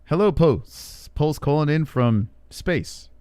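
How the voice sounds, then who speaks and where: A man's voice: fairly high pitch, lively intonation, slow, warm tone, a little hiss or hum. A man hosting a casual livestream podcast, joking and teasing with banter. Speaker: podcast host.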